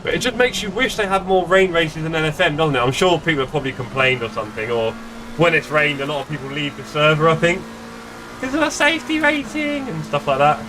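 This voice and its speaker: His voice a little high and his speech fast, a middle-aged man rambles casually with viewers while live-streaming sim racing from a home gaming room. He's self-mocking, using a desk streaming mic, and background noise is present.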